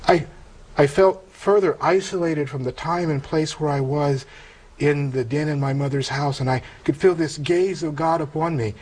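A middle-aged man earnestly telling a personal spiritual testimony in an interview, halting and emotional, with many pauses and fillers. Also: fairly high pitch, fairly even intonation, darkish tone, low-quality recording. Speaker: interview guest.

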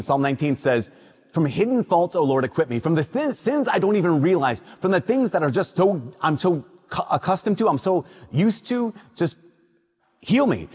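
A man with a husky, slightly raised voice preaches from the front of a church. His words ring out with a long echo through the hall. He is a priest from Minnesota, moving from a solemn Gospel reading into casual storytelling with lively asides. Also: on the high side. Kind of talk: Sunday Mass gospel reading and homily.

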